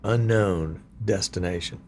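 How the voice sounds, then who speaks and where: An older man from Virginia hosts a relaxed live stream, greeting viewers and chatting in a homespun, self-deprecating way. His voice sits on the low side. A faint hum of noise runs beneath it. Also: measured pace.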